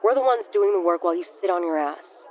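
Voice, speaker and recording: A woman's voice: on the low side, lively intonation, fast talker, a little hiss or hum, natural voice. A woman voicing a mocking young man in a spoken story, talking in a sneering, biting way. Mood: cruel.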